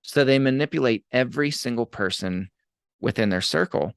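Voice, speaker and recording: A man speaks as a podcast guest, telling a story in a relaxed, conversational way. He slips into the voices of the people he quotes. His mid-range voice is recorded close, with a dry sound. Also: mid-range voice, normal speed, creaky, smooth, no room sound. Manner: animated, acts out quoted voices. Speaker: podcast guest, abuse advocate.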